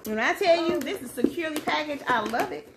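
A Chicago food vlogger chats playfully to viewers while unboxing and tasting cookies at home in a casual vlog. Her voice sits high with lively intonation and a slightly fast pace, recorded in an echoey room with faint noise.

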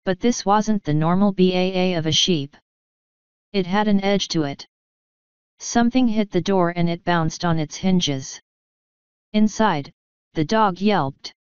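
A woman narrating an audiobook in a steady, even storytelling manner. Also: fairly low pitch, a little slow, pauses often, clear, resonant tone, dry recording, dull audio.

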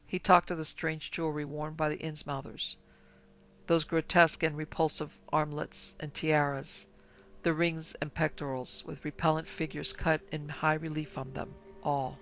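Male narrator, horror reading, gravelly voice, fairly high, even and flat. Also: poor audio. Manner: measured, grave storytelling. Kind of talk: scripted horror story narration.

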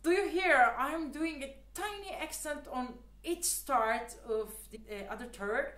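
A woman's voice: sits high, a little slow, a bit bright, roomy sound. A woman teaching the clarinet in a casual, chatty way, with lots of fillers and earnest, repeated advice. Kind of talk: casual spoken tutorial.

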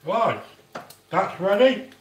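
Rambling home cook, lively up-and-down delivery, recorded off-mic. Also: male voice, sits high, slow pace, distant mic. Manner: chatty, rambling asides between instructions. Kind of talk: casual cooking demonstration. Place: home kitchen. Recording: roomy echo, voice from off-mic.

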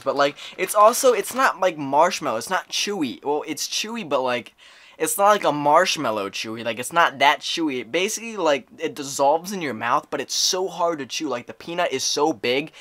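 A young man hosting a casual taste-test vlog, his voice sitting a touch on the high side. He rambles in loose, filler-heavy sentences and plays up every reaction with drama. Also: pushed and bright. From Maryland, USA. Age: young adult. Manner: dramatic, rambling, lots of fillers like "like" and "you know". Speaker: vlogger.

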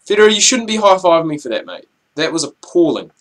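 A young man giving chatty, rambling commentary over his gameplay, with excitable outbursts at the action. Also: fairly high pitch, fast. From New Zealand. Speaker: gaming channel host.

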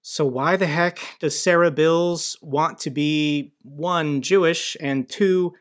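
A man's voice: a little high, fairly even intonation, takes it slowly. A man from the United States hosting an online news commentary, talking with sardonic, mocking asides. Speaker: commentary channel host.

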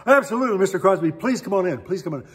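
A man's voice: mid-range voice, brisk, slightly rough. A man voicing a starstruck woman who gushes over a famous late-night visitor at her door, in an echoey church hall. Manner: gushing, excited.

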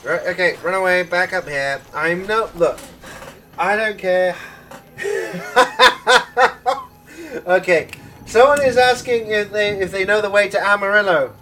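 A man giving casual gameplay commentary, excitable and swearing, with sudden shouts and laughs. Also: sits high, slow pace, pauses often, far from the mic, a little hiss or hum, poor audio. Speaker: gaming video host.

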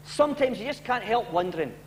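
Man as a sad-sack Scottish fan, high, wry. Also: expressive, quick pace, a little hiss or hum. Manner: pleading, wry. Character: desperate, hapless male football fan.

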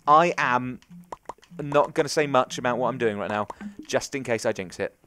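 A man's voice: mid-range voice, normal speed, fairly bright tone, smooth. A young man with an English accent, rambling and talking to himself as he comments on his own gameplay. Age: young adult. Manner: chatty, rambling, self-talking. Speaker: gaming commentator. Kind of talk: casual let's play commentary.

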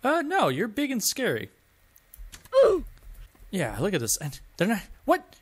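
A man's voice: high voice, wildly swooping pitch, unhurried, a bit bright, breathy edge. A man giving sarcastic, joking let's-play commentary, often laughing and swearing at the game. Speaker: gameplay commentator.

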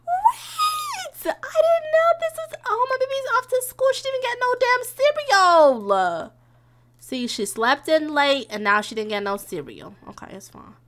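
Animated young woman chatting over a game. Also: mid-range voice. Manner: chatty, exclaims and yells at the game characters. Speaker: gaming streamer. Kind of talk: casual let's-play commentary.

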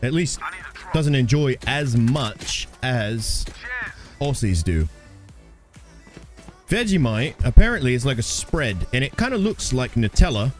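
A man's voice: mid-range voice, big pitch swings, unhurried, long pauses. Joking, swearing male game streamer. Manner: joking, swearing, playing up a mock Australian twang. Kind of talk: casual live gaming commentary. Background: game music and gunfire.

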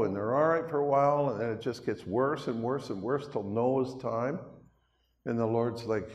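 This is an older man, a Canadian pastor, giving a sermon to his congregation with a homey, talkative feel and side remarks to the listeners. He speaks at a normal speed in a medium-pitched voice, and the church hall adds a long reverb.

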